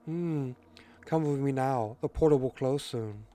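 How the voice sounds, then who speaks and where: A man voicing a smug, presumptuous talking cat in a slow, drawn-out way. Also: medium pitch, mellow, lightly acted. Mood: ominous.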